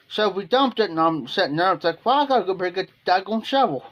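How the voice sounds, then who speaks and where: A man's voice: sits high, lively intonation, racing, few pauses, fairly bright tone. A man with an Ohio accent telling a casual, rambling story on a live stream, acting out quoted dialogue in a folksy way. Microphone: phone or webcam on a live stream.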